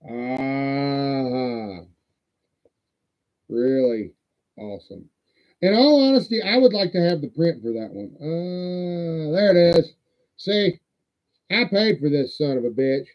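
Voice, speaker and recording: A man's voice: a little high, lively intonation, slow, long pauses. Folksy, cussing man on a lo-fi stream. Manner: folksy, profane, rambling. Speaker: livestream host. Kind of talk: casual livestream show-and-tell. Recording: dull lo-fi stream audio.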